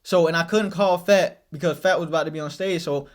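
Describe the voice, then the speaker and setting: High-voiced young man telling a story. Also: fairly quick. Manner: animated slang-heavy storytelling with repeated phrases. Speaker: vlogger. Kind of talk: casual storytime.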